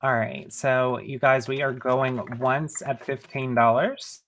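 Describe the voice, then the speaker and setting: This co-host calls the bids in a live jewelry auction, playful and teasing as they count the price down. The voice sits at a middle pitch and sounds relaxed and conversational. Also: slow. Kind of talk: casual live-stream auction chat.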